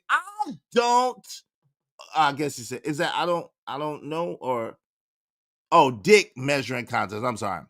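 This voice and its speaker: Animated slangy livestream host, a man. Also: high voice, dry recording, clean studio sound. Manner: animated, slangy, rhythmic shout-outs to chat. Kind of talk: casual livestream commentary.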